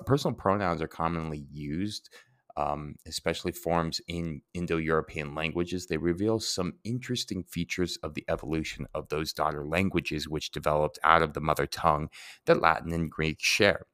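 A man's voice: sits low, a bit bright, dry recording, clean studio sound. A man giving a casual Latin grammar lesson, chatty and self-deprecating, often asking rhetorical questions. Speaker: Latin teacher.

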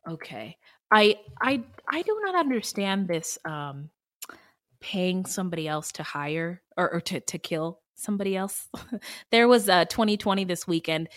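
A woman co-hosting a casual true-crime podcast, talking in an animated way and breaking into song and acted voices. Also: fairly low pitch, normal speed, no echo, clean studio sound. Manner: animated, laughs often, bursts into singing and acted voices. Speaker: podcast co-host.

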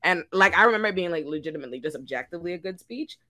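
A woman chatting on a podcast panel, telling profane, slangy stories that swing from low asides to loud laughing shouts. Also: expressive, racing, dry recording. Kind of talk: casual podcast chat.

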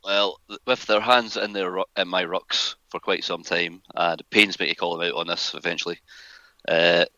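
A man's voice: sits low, little pitch movement, normal speed, pushed and bright, dry recording. A man ranting as a podcast guest, sarcastic and a bit sweary. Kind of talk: casual chat. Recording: muffled dry recording.

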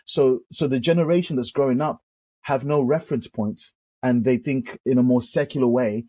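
A British man, a pastor, sharing his testimony in conversation, animated and full of quick restarts. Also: mid-range voice, no echo. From United Kingdom. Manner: animated storyteller with frequent restarts. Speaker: pastor, guest.

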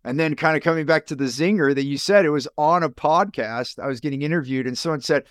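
A middle-aged man, a business coach and podcast guest, telling his life story in an animated way and jumping up in pitch when he acts out other people. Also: fast talker, dry recording, clean studio sound. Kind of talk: personal storytelling in an interview.

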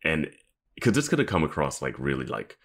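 Very deep gravelly-voiced man, laid-back. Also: huge pitch swings, brisk, a bit bright. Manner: laid-back, agreeable, lots of 'like' and 'yeah'. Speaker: podcast co-host. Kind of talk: casual chat about a TV episode.

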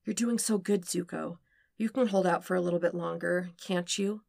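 A woman reading a podfic, voicing a dominant young man who murmurs softly and coaxingly. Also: fairly even intonation, normal speed, gravelly, no echo. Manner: soft, low, coaxing murmur.

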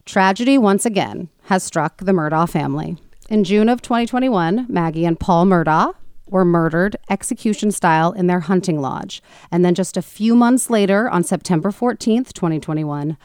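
A woman co-hosting a podcast and telling a true-crime story in a chatty, animated way with frequent restarts. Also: fairly low pitch, moderate pace, clear, resonant tone, no room sound, clean studio sound. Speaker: podcast co-host.

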